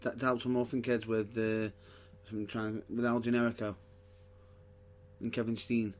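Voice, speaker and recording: A man hosts a casual wrestling podcast in a loose, jokey, rambling way. He trips over his words and corrects himself, and his voice sits at an ordinary middle pitch. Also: little pitch movement, normal speed, a little mellow. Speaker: podcast host.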